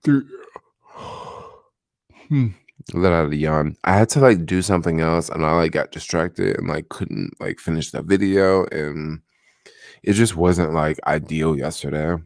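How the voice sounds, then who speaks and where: A tired young man hosting a casual late-night livestream, rambling and relaxed with many fillers, talking into a desk microphone at home. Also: a bass voice, unhurried, vocal fry, long pauses, no echo, clean studio sound. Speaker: livestream host. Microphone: desk microphone without headphones.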